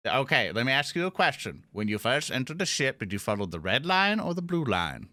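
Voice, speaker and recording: Male player, bright and lively voice, dry sound. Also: mid-range voice, brisk, no room sound. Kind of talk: casual game chat.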